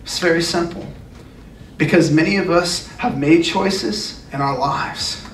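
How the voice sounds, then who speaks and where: A man's voice: a little high, a little slow, fairly bright tone. Man, youth pastor, emphatic sermon, repeats phrases, roomy echo, faint noise. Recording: echoey room, distant mic, faint noise.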